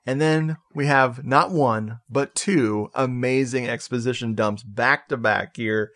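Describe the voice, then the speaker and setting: A man on a podcast casually recapping a movie plot, animated and joking, with swearing and laughing asides. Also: medium pitch, unhurried. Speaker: podcast co-host.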